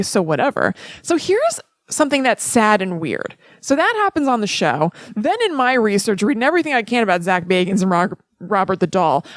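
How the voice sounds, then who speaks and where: A woman's voice: on the high side, dry recording. A woman co-hosting a casual podcast, rambling and laughing as she acts out quotes in a chatty retelling. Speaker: podcast co-host. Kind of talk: casual chat.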